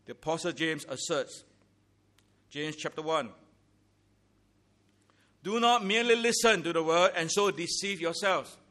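A man's voice: a little high, lively intonation, a little slow, pauses often, pushed and bright. A man from Singapore, preaching a sermon in church with emphatic rhetorical questions and rising declarations. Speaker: pastor. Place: church sanctuary.

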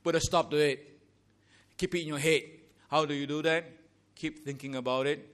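A man preaches a church sermon in a fairly high voice. He builds to emphatic declarations and asks his congregation rhetorical questions. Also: steady tone, normal speed, fairly bright tone. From Singapore. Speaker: pastor. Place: church sanctuary.

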